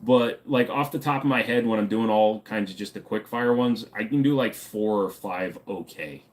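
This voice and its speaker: A man's voice: lowish voice, normal speed, darkish tone. A man hosting a livestream in casual chat, joking and swearing freely with viewers. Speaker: streamer host.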